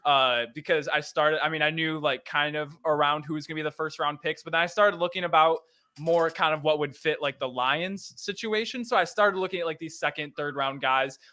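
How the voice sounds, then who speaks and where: Male guest, bright tense voice, casual sports chat with teasing humor. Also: on the high side, steady tone, brisk. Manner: chatty, teasing, laughs often.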